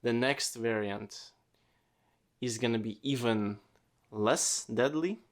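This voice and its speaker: A man's voice: mid-range voice, takes it slowly. A man hosting a casual solo podcast, rambling with lots of fillers and swearing freely. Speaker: podcast host.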